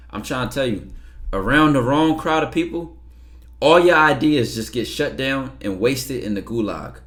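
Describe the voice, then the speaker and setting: A man's voice: medium pitch, animated, moderate pace, fairly bright tone. A young man livestreaming, talking casually and emphatically, with lots of profanity, and sometimes reading aloud from a book.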